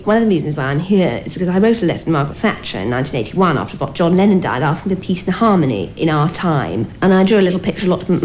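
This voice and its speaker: An actress playing a deluded female patient who rambles in a halting, wistful way. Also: lowish voice, darkish tone, a little hiss or hum, close to an everyday voice, low-quality recording.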